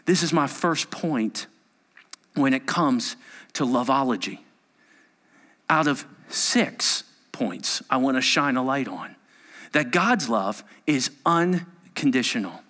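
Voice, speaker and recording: A man in his forties preaching a sermon as a pastor, animated and quick to act out the people he describes. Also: mid-range voice. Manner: animated, acting out quoted people in quick impressions.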